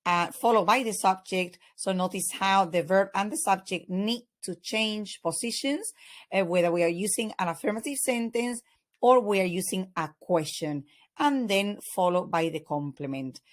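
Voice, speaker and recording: A woman's voice: mid-range voice, moderate pace. A woman teaching a Spanish lesson in English, explaining grammar in a patient, methodical way with frequent fillers.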